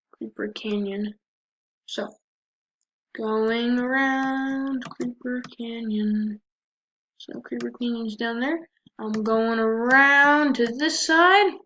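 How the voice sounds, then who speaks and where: On the high side and slow, this woman's steady-toned voice sounds pushed and bright. She's doing casual let's-play commentary, chattily talking to herself as she plays, on a dull lo-fi mic with faint noise.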